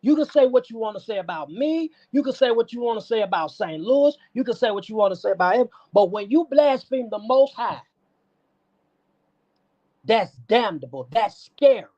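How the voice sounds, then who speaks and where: A woman's voice: a little high, expressive, moderate pace, dark tone. A woman hosting a livestream, preaching at and scolding someone in a profane call-out rant. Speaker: stream host. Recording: dull lo-fi stream audio.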